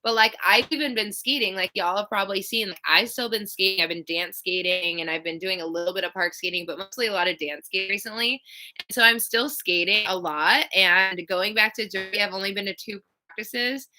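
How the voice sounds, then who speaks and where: Chatty bright-voiced woman in her thirties. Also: medium pitch, a little fast, slight background noise. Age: 30s. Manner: chatty, many "like" and "um" fillers. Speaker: skating channel host. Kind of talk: casual live Q&A chat.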